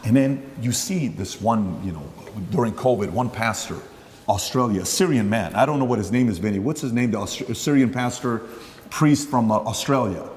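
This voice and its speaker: A man hosts an interview in a large hall, rambling through long setups and acting out dialogue between his questions with plenty of fillers. His voice is medium-pitched and a little mellow, with lively intonation at a normal speed, and there's a slight hiss or hum.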